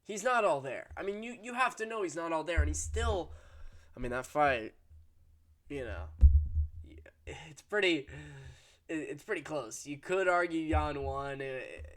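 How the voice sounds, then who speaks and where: A man's voice: a little high, animated, a little slow, a bit bright. A man hosting his own fight-prediction channel, talking casually and with strong opinions, swearing and restarting sentences as he gets fired up. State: hiccuping. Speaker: MMA prediction channel host. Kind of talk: casual solo commentary.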